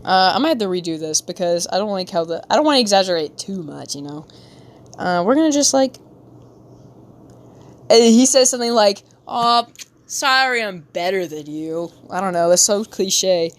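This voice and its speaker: A young woman livestreams while drawing, chatting casually, reading the chat aloud and giggling, with sudden high squeals. Her intonation is lively and her pace fairly quick.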